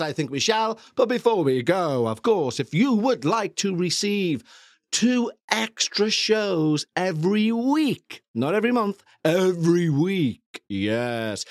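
A man's voice: on the high side, dry recording, studio quality. A man in his forties hosting a podcast, rambling through a casual review with jokey, self-deprecating asides. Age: 40s. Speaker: podcast host.

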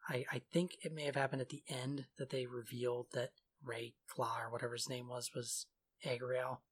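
This man's mid-range voice is slightly rough and barely moves in pitch. He's a podcast co-host casually recapping a game's storyline with offhand sarcasm and rapid mock quotes.

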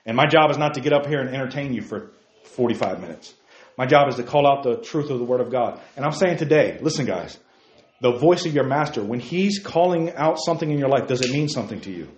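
A man's voice: mid-range voice, animated, fast talker, reverberant. A man preaching a sermon to young men, with repeated calls of "hey guys" and sudden emphatic peaks.

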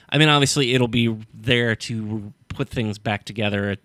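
A man's voice: mid-range voice, fairly bright tone, no echo. A man in casual movie talk, mostly giving short agreeing replies and thinking aloud.

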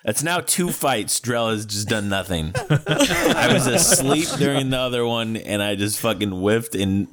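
A man's voice: mid-range voice, sing-song, a little slow, a loud crowd. A man playing in a tabletop game, describing his character with wry humor. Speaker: player. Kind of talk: casual game chat.

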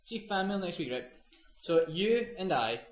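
A man hosting a casual comedy podcast, rambling through a film's plot and dropping into a low voice for the quotes. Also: very animated, measured pace, reverberant. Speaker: podcast host. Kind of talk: casual comedic chat, retelling a film.

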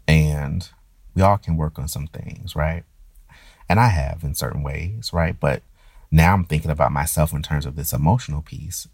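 Deep gravelly man, halting and reflective. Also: a little mellow, dry recording. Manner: hesitant, restarts and stammers. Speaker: performer. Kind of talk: reflective personal monologue.

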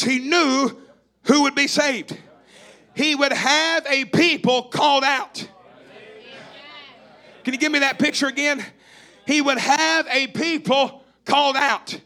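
A man from East Tennessee, preaching a fervent sermon in a church with shouted, repetitive lines. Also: extremely high pitch.

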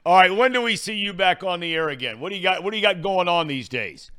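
A man's voice: sits high, lively intonation, quick pace, a bit bright, smooth. A man hosting a sports talk show, upbeat and bantering. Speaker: host.

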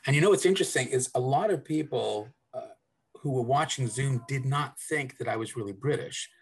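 A middle-aged or older South African man rambles as a podcast guest in a casual interview chat, full of restarts and fillers. His medium-pitched voice is slightly rough and a little fast.

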